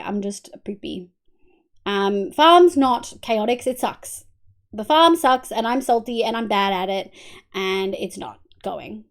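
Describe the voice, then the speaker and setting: An Australian woman streaming a game, chatting casually with viewers, swearing and thanking them by name, sometimes mumbling quietly and sometimes bursting out loud. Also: on the high side. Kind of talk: casual live-stream chat while gaming.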